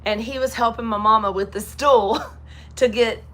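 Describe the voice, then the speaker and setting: A woman's voice: a little high, fairly even intonation, normal speed, fairly bright tone. A woman from Texas with a light Kentucky twang, hosting a casual live chat and telling a story, acting out other people's lines. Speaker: host.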